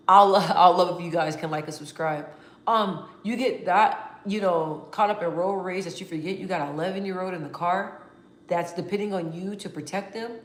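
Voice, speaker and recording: A woman vlogging casually to her viewers, talking in an animated, emphatic way with slang and frequent restarts. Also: lowish voice, reverberant. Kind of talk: casual talk to camera.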